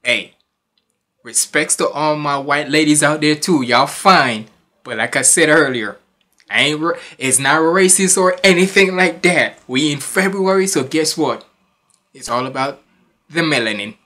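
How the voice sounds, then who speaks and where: A man's voice: fairly high pitch, a little slow, bright, forceful tone. A young man hosting a reaction video, bantering in a laid-back, joking way and often apologizing. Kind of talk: casual reaction commentary.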